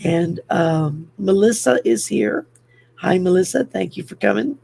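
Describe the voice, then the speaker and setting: A woman's voice: fairly low pitch, lively intonation, measured pace, vocal fry, mellow, slightly rough. An older woman from France with a French accent, hosting a rambling, chatty livestream full of ums. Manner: rambling, chatty, many ums, laughs at herself. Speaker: host. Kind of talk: casual livestream chat.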